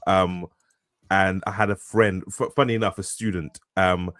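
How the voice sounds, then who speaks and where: A man's voice: deep voice, steady tone, normal speed, fairly bright tone, dry recording, studio quality. A man co-hosting an author podcast, casual and joking with frequent swearing and rambling asides. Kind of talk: casual chat.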